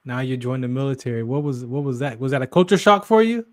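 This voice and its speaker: A man's voice: mid-range voice, animated, fast, dry recording. A man hosting a casual interview, asking friendly questions and adding brief encouraging replies. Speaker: host.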